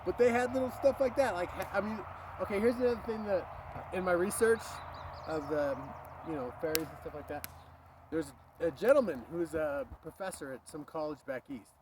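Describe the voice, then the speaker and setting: A man telling a spooky childhood story outdoors in a rambling, animated way, swearing and breaking off for passing cars. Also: high voice, moderate pace. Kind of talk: casual outdoor storytelling to camera. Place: outdoors by a street. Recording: street traffic noise behind.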